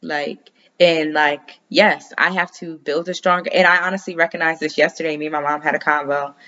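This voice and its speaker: Deep-voiced and fairly quick, this astrology vlogger sounds pushed and bright, with fairly even intonation. She chats casually and loosely, swearing freely while talking through her dreams and astrology, and the highs in the recording are cut off.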